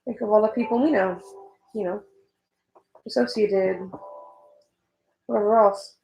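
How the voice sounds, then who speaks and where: Young woman talking while drawing, super creaky voice, rambly and a bit heated, roomy sound. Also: mid-range voice, fairly even intonation, a little slow, darkish tone, slight background noise. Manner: rambling, swears casually, gets heated. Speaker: artist vlogger. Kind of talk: casual chat while drawing.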